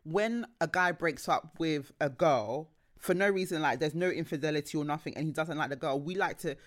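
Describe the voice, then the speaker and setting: A woman co-hosting a podcast about motherhood, chatting with friends. She tells stories in an animated, rambling way, often restarting her sentences. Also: low-pitched, fairly quick. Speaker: podcast co-host. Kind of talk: casual chat.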